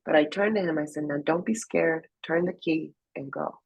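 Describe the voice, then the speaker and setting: A young woman from Afghanistan shares her faith testimony as an interview guest, her low voice rough with fry and a husky edge. She tells it with feeling, dropping to a whisper whenever she quotes what she said. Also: moderate pace, dull audio. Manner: emotional, drops into whispers when quoting. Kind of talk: personal testimony storytelling.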